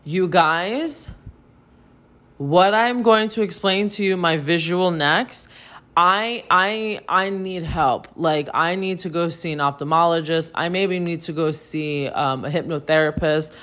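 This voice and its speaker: A woman co-hosting a podcast, telling a story in casual, animated chat to her listeners, swearing freely and saying "like" a lot. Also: lowish voice, measured pace. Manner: animated, profane, heavy use of "like". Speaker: podcast co-host.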